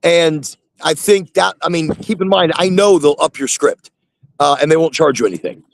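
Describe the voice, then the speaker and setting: A man's voice: a little high, normal speed, vocal fry, a little hiss or hum. A man hosting a casual live chat from his phone in his truck, rambling and repeating himself. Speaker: host.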